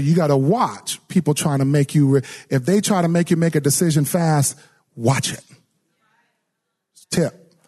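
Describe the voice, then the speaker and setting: A middle-aged man preaching a sermon, animated, telling a story and acting out the voices in it, often repeating and restarting words. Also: a little high.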